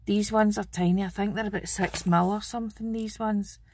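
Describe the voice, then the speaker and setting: This Scottish woman has a medium-pitched, slightly mellow and rough voice with fairly even intonation and a moderate pace, recorded without echo. As a craft channel host, she presents her craft haul in a chatty, homely show-and-tell, often using "wee."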